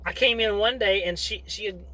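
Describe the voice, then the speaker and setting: High, bright middle-aged man rambling. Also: normal speed, rough recording. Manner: chatty, wandering, self-interrupting asides. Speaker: vlogger and father. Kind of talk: casual rambling monologue to camera.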